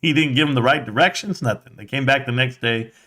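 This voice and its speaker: Animated storytelling man. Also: fast talker. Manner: animated, acts out quotes in a high voice; conversational, with fillers and restarts. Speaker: livestream host. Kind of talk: casual personal storytelling.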